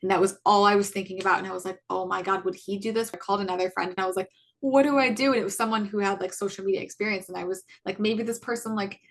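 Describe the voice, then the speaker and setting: Twenties woman co-hosting a podcast, gravelly vocal fry, chatty, lots of likes, quotes people as she tells it. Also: medium pitch, level tone, very fast, few pauses. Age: 20s. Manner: retells events by acting out quoted exchanges; chatty, many likes and restarts. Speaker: podcast co-host. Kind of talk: casual personal storytelling.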